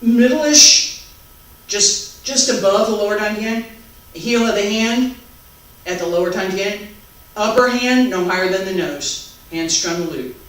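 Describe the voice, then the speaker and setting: A man teaching a taiji class online, calmly calling out each movement, breath and count step by step. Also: sits high. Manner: calm, unhurried step-by-step cueing and counting. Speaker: taiji instructor. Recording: very echoey room, mic far off, faint background noise.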